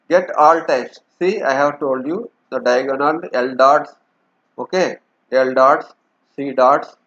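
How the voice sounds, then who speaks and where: A man's voice: fairly high pitch, fairly bright tone. A man teaching, explaining step by step and often saying "okay". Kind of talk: lecture walking through a document. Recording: dull lo-fi lecture recording.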